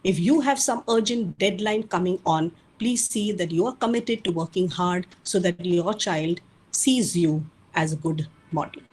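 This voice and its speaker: A woman's voice: lowish voice, measured pace, a little mellow, slight background noise, rough recording. A woman giving an earnest webinar lecture with advice for parents. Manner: earnest, advising, addresses parents directly. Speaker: parenting speaker.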